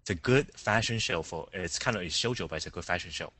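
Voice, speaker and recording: A man co-hosting a casual anime podcast, talking haltingly with many restarts. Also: deep voice, expressive, bright, forceful tone, slight background noise. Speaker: podcast co-host. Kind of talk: casual chat about anime.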